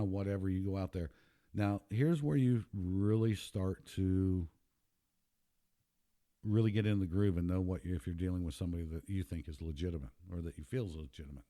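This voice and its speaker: Guy ranting on his show, deep mellow voice, repeats himself a lot. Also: moderate pace. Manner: emphatic, repeats himself, worked up. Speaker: podcast host. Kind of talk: casual monologue.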